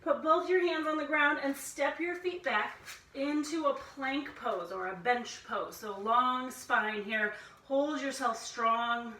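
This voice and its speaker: A woman's voice: high-pitched, takes it slowly, sharp tone, roomy sound, far from the mic, low-quality recording. A woman instructor guiding a family yoga class, playfully cueing breaths and inviting animal sounds.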